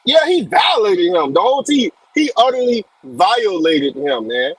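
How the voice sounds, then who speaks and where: A man's voice: sits high, big pitch swings, measured pace, fairly bright tone, slightly rough, dry recording, rough recording. A man calling in to a casual boxing chat, speaking emphatically and repeating his points. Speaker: guest on call.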